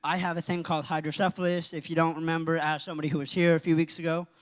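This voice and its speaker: A teenage boy giving a youth-group talk, telling rambling, excitable stories. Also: fairly high pitch, racing, clean tone. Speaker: youth speaker. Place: church hall. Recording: reverberant hall.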